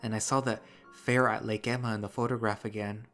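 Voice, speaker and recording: A man's voice: fairly low pitch, little pitch movement, fairly quick, fairly bright tone, soft background music, close to an everyday voice. A man voicing a determined young fox. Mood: earnest.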